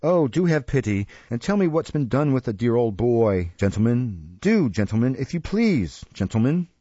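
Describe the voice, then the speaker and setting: A man's voice: mid-range voice, huge pitch swings, moderate pace, a little mellow, slightly rough, no echo. A man reading aloud voices a theatrical young woman in melodramatic, wailing pleas, in a dull lo-fi recording. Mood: pleading.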